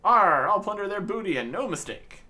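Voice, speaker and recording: A man voicing an eager young male sailor who talks in a hammy, loud pirate manner with "arr". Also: high-pitched, expressive, normal speed, voice pushed up, full character voice.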